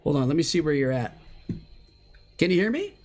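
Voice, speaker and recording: A streamer chatting live over gameplay in slangy, excitable talk that breaks into high shouts and exclamations. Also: a little fast, faint music behind. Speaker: Minecraft streamer.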